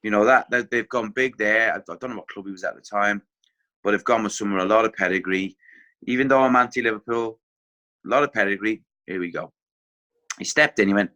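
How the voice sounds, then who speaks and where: A middle-aged man with an Irish accent, a former footballer telling animated anecdotes as a podcast guest, acting out what others said. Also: fairly low pitch, brisk. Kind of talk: casual podcast storytelling.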